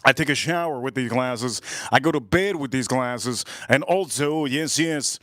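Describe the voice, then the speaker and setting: A man hosting a casual outdoor barbecue livestream, repeating himself and giving loud, excited shout-outs to his viewers. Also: medium pitch, normal speed, dry recording. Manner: repetitive, hyped shout-outs to chat. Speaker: livestream host. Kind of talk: casual live-stream chat.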